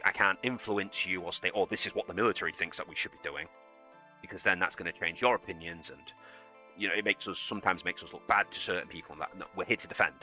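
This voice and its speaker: A man's voice: sits low, pushed and bright. A young man streaming a game, chatting bluntly and swearing as he rambles. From United Kingdom. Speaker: gaming streamer and soldier. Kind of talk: casual chat while gaming and reading chat.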